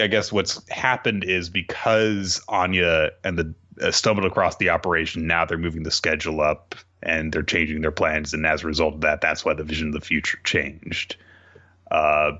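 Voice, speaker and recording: Podcast host, man, bright low-ish voice, laid-back rambling storyteller. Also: lo-fi sound. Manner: rambling storyteller, lots of fillers. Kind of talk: casual recap chat.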